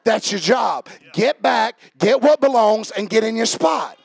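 A man preaching a sermon as pastor, swinging from quiet joking asides to shouted preaching and calling out to the congregation. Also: sits high, expressive, measured pace, creaky, breathy edge, no room sound. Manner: talks back and forth with the congregation. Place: church service.

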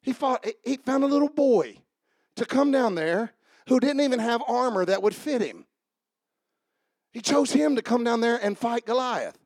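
A man with a high voice preaches a sermon at a church service, with a close, dry sound. He calls out to the congregation and swings between loud shouts and hushed asides. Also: expressive, normal speed, no room sound.

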